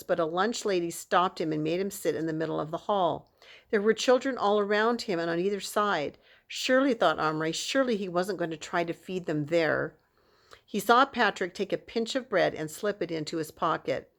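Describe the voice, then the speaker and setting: A woman reading a children's novel aloud in a steady, expressive storytelling manner. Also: fairly low pitch. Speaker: audiobook reader.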